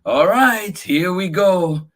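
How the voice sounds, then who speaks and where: A man's voice: sits high, lively intonation, takes it slowly, fairly bright tone. A man hosting story time, reading a picture book aloud to children with lots of exclaiming and questions to the kids. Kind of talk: animated read-aloud for kids.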